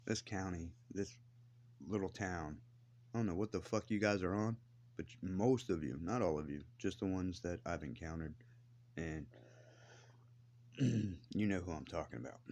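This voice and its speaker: A man's voice: low voice, normal speed, pauses often, darkish tone, slight background noise. A man ranting to the camera in a blunt, defiant way, swearing heavily as he tells his grievances. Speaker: vlogger. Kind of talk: angry profane rant to camera.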